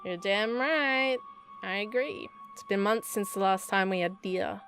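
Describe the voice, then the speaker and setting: A woman's voice: medium pitch, measured pace, over music, lightly acted. A woman voicing a grumpy, sarcastic young hunter in her own voice. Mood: wry.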